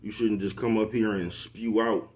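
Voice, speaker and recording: A man's voice: lowish voice, fairly even intonation, normal speed, a little mellow. A middle-aged man, giving a preachy casual monologue to camera and constantly asking if you know what he's talking about. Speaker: social media commentator.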